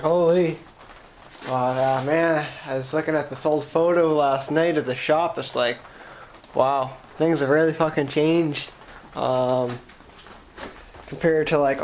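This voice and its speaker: A man's voice: a little high, a little mellow, a little hiss or hum. A young man with a Boston accent chatting casually to camera from his shop, rambling and swearing as he jokes. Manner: rambling, profane, jokey. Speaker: vlogger.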